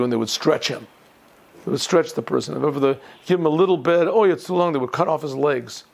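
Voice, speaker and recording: A man, a rabbi, giving an informal Torah lesson, often clearing his throat and restarting his sentences as he thinks aloud. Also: mid-range voice. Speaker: rabbi teaching a yeshiva class.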